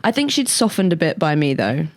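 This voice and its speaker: A woman's voice: sits low, big pitch swings, fairly quick, dry recording. A young woman co-hosting a podcast, telling stories in a chatty way with lots of "like". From England. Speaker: podcast co-host. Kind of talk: casual chat.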